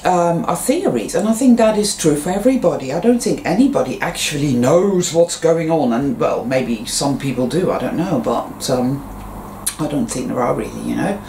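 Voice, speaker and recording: A woman's voice: sits low, lively intonation, normal speed, dark tone. Rambling frank woman vlogging at home. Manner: rambling, frank, swears freely, laughs at own jokes. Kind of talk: casual monologue to camera. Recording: roomy echo, faint background noise.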